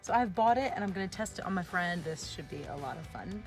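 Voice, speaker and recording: An American woman vlogger chatting to camera in a casual, animated way, full of jokes and sassy asides. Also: lowish voice, fast talker, soft background music. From United States.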